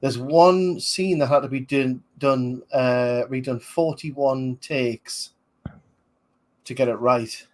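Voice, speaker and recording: A man's voice: mid-range voice, slow. Chatty man reviewing a film. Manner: rambling, chatty, many fillers. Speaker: podcast host. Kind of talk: casual movie commentary.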